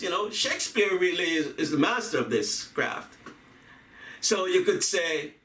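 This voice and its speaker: Slow, bright-voiced man in an echoey room. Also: sits high, animated, recorded from a distance. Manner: slow, deliberate, repeats phrases, taps out rhythms vocally. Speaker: video essayist on poetry and music. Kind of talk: reflective talk to camera.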